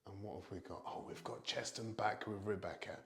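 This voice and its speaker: A man's voice: on the low side, steady tone, fairly quick, creaky, reverberant, heavy background noise. A British man chatting casually as he reviews home fitness gear, thinking aloud with a self-deprecating manner. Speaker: product reviewer.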